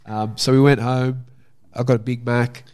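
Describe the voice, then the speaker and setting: A man's voice: medium pitch, flat delivery, normal speed, a little mellow. A young Australian man telling a story from his own life in a casual, candid way, swearing freely. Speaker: guest.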